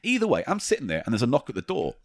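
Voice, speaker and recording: A man's voice: medium pitch, very fast, dry recording, clean studio sound. A man from England co-hosting a comedy podcast, telling stories in casual chat and swearing freely. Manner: animated storyteller, swears freely. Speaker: podcast co-host.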